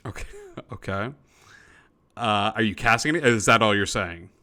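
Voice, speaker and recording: Game master, male, bright tone, rambling descriptive narration with frequent fillers. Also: fairly low pitch, animated, measured pace. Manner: descriptive, with many fillers and restarts. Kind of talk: narrating a tabletop game over a call.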